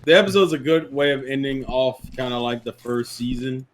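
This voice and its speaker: A man's voice: mid-range voice, a little fast. A man co-hosting a podcast in casual chat, rambling and repeating words as he thinks. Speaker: podcast co-host.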